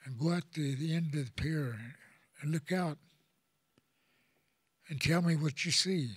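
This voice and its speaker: An older man from Oklahoma tells a personal story to an audience in a halting, plain-spoken way, often repeating words as he goes. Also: a little high, slightly rough, no echo, clean studio sound. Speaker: elder speaker.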